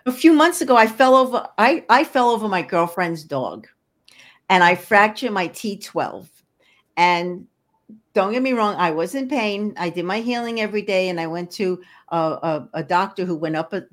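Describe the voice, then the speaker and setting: With a fairly low pitch, lively intonation and normal speed, an older woman talks as a guest in a relaxed interview. She is an energy healer, earnest in tone, and she repeats words frequently as she searches for them.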